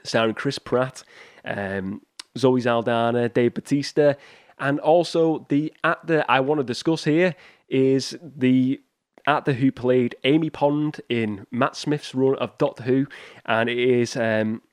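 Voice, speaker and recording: A man's voice: medium pitch, slow pace, no room sound, studio quality. A man hosting a solo movie podcast, chatting casually and rambling with restarts and small chuckles. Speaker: podcast host.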